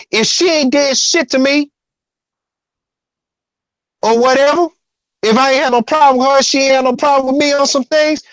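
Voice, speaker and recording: A man's voice: very high-pitched, fairly bright tone, no echo. A man telling a personal story in casual talk, rambling, restarting, and quoting what others said. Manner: rambling, repeats himself, quotes others.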